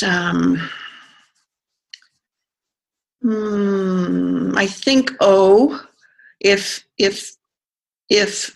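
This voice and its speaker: An accent coach explaining pronunciation in conversation, pausing to think and sounding out vowels to demonstrate. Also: medium pitch, creaky, fairly bright tone. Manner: thoughtful, pauses with fillers, sounds out vowels to demonstrate.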